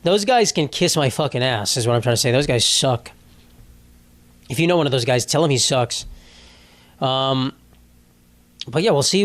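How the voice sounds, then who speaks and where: A man's voice: medium pitch, expressive, normal speed, pauses often. A young man hosting a casual solo podcast, rambling and joking with plenty of swearing. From United States. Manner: rambling, profane, jokey. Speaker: podcast host.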